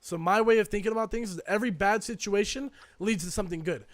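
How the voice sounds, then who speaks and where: A man's voice: high-pitched, fast talker. A young man co-hosting a podcast, talking in a rambling, reflective way with lots of fillers. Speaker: podcast co-host. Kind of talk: casual chat.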